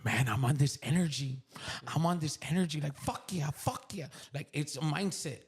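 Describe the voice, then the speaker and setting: A man with a South Texas accent telling an emotional personal story on a podcast, raw and profane, dropping to hushed whispers and then bursting out loud. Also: on the high side, expressive, moderate pace, slightly rough. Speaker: podcast guest.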